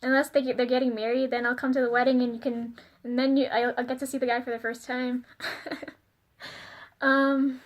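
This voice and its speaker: A young woman with a high-pitched voice chats through a casual confessional vlog. She talks in a loose, rambling way, leaning on fillers like "like" and "um". She giggles often and gets flustered and self-conscious. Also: level tone, fairly quick. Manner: chatty, giggly, lots of fillers like "like" and "um". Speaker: vlogger.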